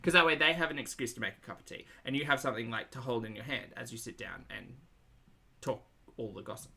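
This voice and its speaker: A man's voice: mid-range voice, quick pace, creaky, bright, forceful tone, husky. A man with an Australian accent giving casual, sarcastic commentary to a live chat while reacting to videos. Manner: wry, sarcastic asides. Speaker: reaction streamer.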